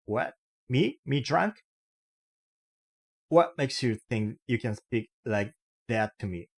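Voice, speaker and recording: A man's voice: fairly low pitch, a little slow. A man reading a novel aloud, voicing a touchy old drunk who bristles and snaps back. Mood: offended. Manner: blustering, offended.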